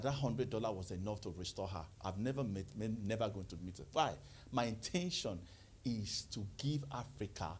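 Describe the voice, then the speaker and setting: A man giving a lively motivational talk to a live audience, calling out questions and having the crowd answer. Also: a little hiss or hum. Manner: call-and-response, rising to high exclaims. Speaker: motivational speaker.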